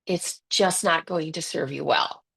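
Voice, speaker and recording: Lively woman teaching a webinar. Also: sits low, a little slow, gravelly, breathy edge. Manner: lively, animated, acts out quoted voices. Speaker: ADHD coach presenting a webinar. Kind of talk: conversational webinar lecture.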